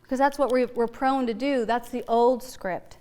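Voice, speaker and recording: A woman's voice: on the high side, steady tone, normal speed, dark tone. A middle-aged woman giving a heartfelt inspirational Easter talk, earnest and laughing often, repeating phrases for emphasis.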